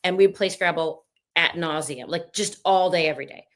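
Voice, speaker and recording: A chatty woman speaks in a lowish voice, full of restarts and playful asides as she tells stories. She is a guest in a relaxed, casual interview. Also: moderate pace.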